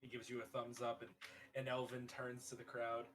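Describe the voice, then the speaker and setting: A man's voice: medium pitch, completely flat delivery, normal speed, noisy background. A man playing a tabletop game, describing his character's actions in loose, filler-heavy storytelling. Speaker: player.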